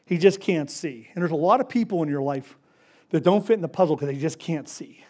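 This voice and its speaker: A man preaching a casual, story-driven sermon, acting out the characters in quick voices. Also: on the high side, expressive, darkish tone. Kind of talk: conversational sermon.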